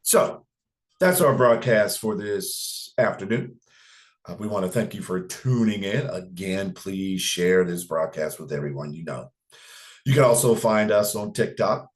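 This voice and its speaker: A middle-aged man hosting a political commentary broadcast, speaking with emphatic, repetitive insistence. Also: fairly low pitch. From United States. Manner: slow, deliberate delivery. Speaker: host.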